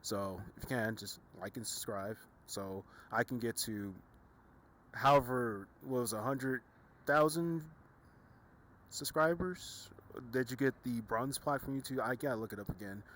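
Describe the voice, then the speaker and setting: A man's voice: mid-range voice, fairly even intonation, normal speed, a bit bright. A young man talking casually to his camera, rambling and often correcting himself, sounding tired. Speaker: YouTuber. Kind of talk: casual vlog monologue.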